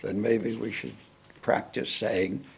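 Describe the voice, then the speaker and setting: A man, a guest lecturer, answering audience questions in a lecture hall in a deliberate, wry manner. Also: fairly low pitch, steady tone, creaky, slight background noise.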